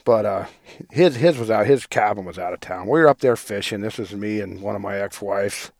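A man's voice: lowish voice, brisk, vocal fry, a little mellow, dry recording, clean studio sound. A man, co-hosting a podcast, telling a long rambling story in casual, profane chat. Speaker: podcast co-host.

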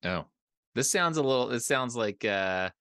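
A man's voice: medium pitch, expressive, moderate pace, fairly bright tone, clear, resonant tone, no echo, clean studio sound. A man hosting a casual podcast interview, joking around and often repeating words as he talks. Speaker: podcast host.

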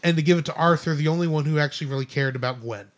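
A man's voice: on the high side, rapid-fire. A man co-hosting a podcast, chatting casually about a film and restarting phrases as he thinks. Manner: thoughtful, repeats words while searching. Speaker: podcast co-host. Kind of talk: casual film review chat.

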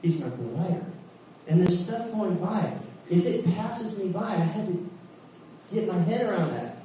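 Animated high-voiced preacher, echoey hall. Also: male voice, normal speed. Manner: animated, jokey storytelling, laughs often. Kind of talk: sermon. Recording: echoey hall, distant mic, faint hiss.

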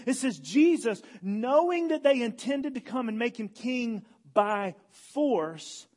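A young man giving a casual, joking sermon as a guest speaker, acting out the people in the story as he retells it. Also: high voice. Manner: animated, joking storyteller, acts out quotes.

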